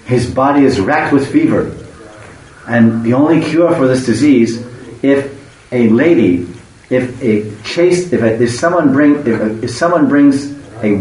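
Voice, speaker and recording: A man's voice: medium pitch, a little mellow. Male religious storyteller, rambling, restarts, roomy echo, distant mic. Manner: rambling, many restarts, stops to explain words. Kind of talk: devotional storytelling talk. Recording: echoey room, far from the mic, faint hiss.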